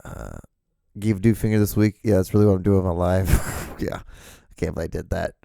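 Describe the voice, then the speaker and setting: A man's voice: sits low, steady tone, fairly quick, creaky, warm tone, no echo, clean studio sound. Rambling, profane male podcast host. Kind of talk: casual solo podcast monologue.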